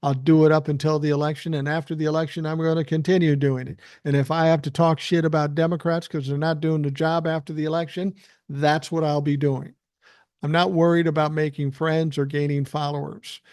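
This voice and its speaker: Speaking briskly in a level, slightly high voice with a darkish tone, an older podcast host rants bluntly and profanely during a casual live stream from his living room. The audio is studio quality with no echo.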